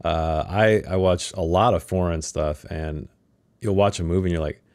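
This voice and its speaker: A man's voice: low voice, fairly even intonation, moderate pace, a little mellow, no room sound. A man appearing as a guest on a casual book discussion, often laughing and asking questions. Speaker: podcast guest.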